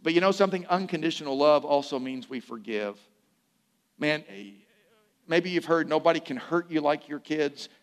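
An older man, a pastor, preaching a conversational sermon with humorous asides, sometimes dropping to a soft, slow emphasis on key phrases. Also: fairly high pitch.

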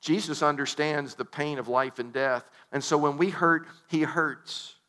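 A man's voice: fairly high pitch, fairly even intonation, unhurried, pushed and bright. A male pastor preaching a sermon in a conversational way, reading scripture aloud and adding humorous asides.

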